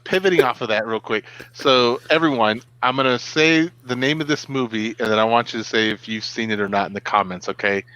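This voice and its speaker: A man's voice: medium pitch, a little fast, hardly any pauses, pushed and bright, clean tone, low-quality recording. A middle-aged man co-hosting a live web show, chatting casually and acting out what his kids say. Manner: storytelling, acts out quotes from his kids. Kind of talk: casual live-stream chat.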